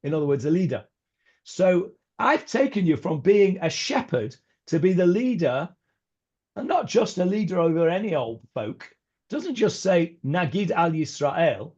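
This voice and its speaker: A man's voice: a little high, big pitch swings, normal speed, darkish tone, husky. A man teaching a Bible class as a rabbi, talking informally with many fillers and restarts and mixing in Hebrew verses. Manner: mixes in Hebrew words and verses. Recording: dull lo-fi recording.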